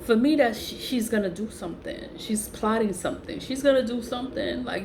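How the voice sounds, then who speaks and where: A woman vlogger delivers a casual storytime rant, profane and animated. She laughs often, and her voice leaps high whenever she stresses a point. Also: moderate pace, slight background noise. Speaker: vlogger who sells spiritual goods online.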